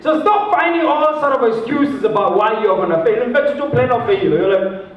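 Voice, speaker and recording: Motivational speaker, man from South Africa, high and animated, heard from afar in a big echoey hall. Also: brisk. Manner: animated, acts out voices of others, chuckles often. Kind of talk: motivational talk to a live audience. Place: large hall with an audience. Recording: distant, roomy, dull hall recording.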